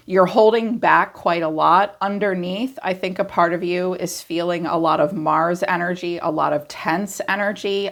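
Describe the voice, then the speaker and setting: A congested woman with a raspy voice, giving a casual tarot reading and musing aloud as she clears her throat now and then. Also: lowish voice. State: congested from allergies. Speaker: tarot reader.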